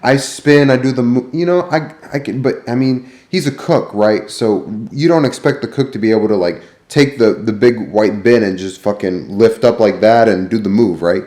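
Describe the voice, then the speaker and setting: A man's voice: on the low side, moderate pace, hardly any pauses. A man ranting, echoey room. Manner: profane, rambling, animated. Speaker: vlogger. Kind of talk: ranting vlog storytelling.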